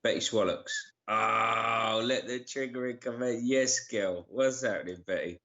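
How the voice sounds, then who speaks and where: Sweary bloke on a lo-fi livestream. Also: male voice, on the low side, unhurried, sharp tone. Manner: sweary, greets viewers by name, uses slang like geezer and bruv. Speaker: livestream co-host. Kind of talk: casual live-stream chat. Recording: dull lo-fi live-stream audio.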